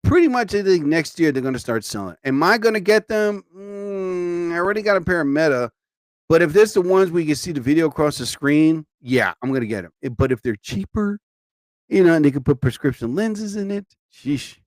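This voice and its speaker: Here the sleepy live-show host speaks a little high, animated and fairly quick, despite sounding tired. The chat is casual and rambling, broken up by frequent exclamations. His studio mic picks up no echo.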